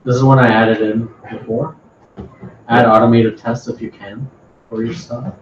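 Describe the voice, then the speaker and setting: A man's voice: medium pitch, little pitch movement, moderate pace. Hesitant man presenting in an echoey room. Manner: hesitant, repeats words, unprepared. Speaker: meetup presenter. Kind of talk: casual technical talk. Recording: echoey room, distant dull mic, faint noise.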